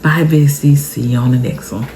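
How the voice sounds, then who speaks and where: A woman's voice: low voice, moderate pace. Heartfelt chatty woman vlogger, faint hiss. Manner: expressive, heartfelt, chatty, addresses viewers directly. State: tearful. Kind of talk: emotional storytime vlog.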